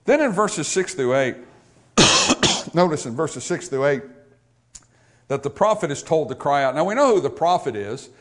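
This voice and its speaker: A male pastor with a somewhat high voice delivers a sermon in church. He rises into loud, pleading calls, then drops to soft, low asides. He keeps drawing the congregation in with questions. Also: very animated, normal speed, long pauses. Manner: preaching with big swings between loud high exhortation and quiet low asides.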